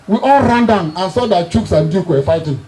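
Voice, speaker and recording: At a family reunion, a middle-aged man with a Nigerian accent tells funny family stories, chuckling and teasing his audience. His high-pitched voice is animated and moves at a normal speed, and the low-quality recording picks up crowd noise.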